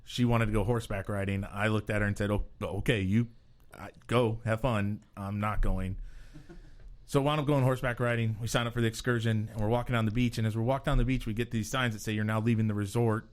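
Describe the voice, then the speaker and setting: A man's voice: lowish voice, steady tone, very fast, few pauses. A man co-hosting a podcast who tells a long funny story in a casual, self-mocking way. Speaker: podcast co-host.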